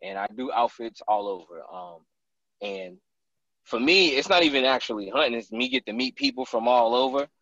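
Male guest, animated storyteller in a casual chat; dry, slightly muffled recording. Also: mid-range voice, normal speed, gravelly, dry recording. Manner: animated storyteller who acts out others' lines. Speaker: podcast guest, hunter.

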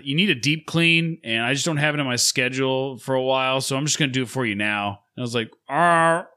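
A man in his thirties with a bright, forceful voice, chatting casually as a podcast co-host. He rambles through a story, swearing freely and acting out the other people in it. His pitch sits in an ordinary middle range. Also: quick pace. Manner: rambling profane storytelling, acts out others' lines. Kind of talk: casual chat.

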